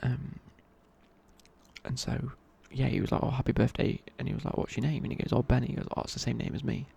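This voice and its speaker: A man's voice: mid-range voice, fast, vocal fry, mellow, slightly rough. A young man telling a rambling casual story in a whispered ASMR chat. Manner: rambling, casual, many fillers and restarts. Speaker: ASMR creator.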